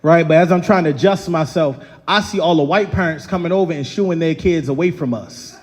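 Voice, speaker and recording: Animated high-voiced man doing stand-up. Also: brisk. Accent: Baltimore. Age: 30s. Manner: animated, storytelling with quoted voices. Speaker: stand-up comedian. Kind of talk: stand-up comedy set. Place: large theater on stage. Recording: live theater with long reverb.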